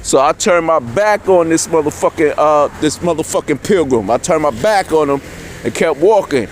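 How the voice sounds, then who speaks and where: Middle-aged male storyteller, profane street style, lively swooping delivery, slightly higher voice. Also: normal speed, a little hiss or hum. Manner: animated, swears constantly, voices characters in quotes.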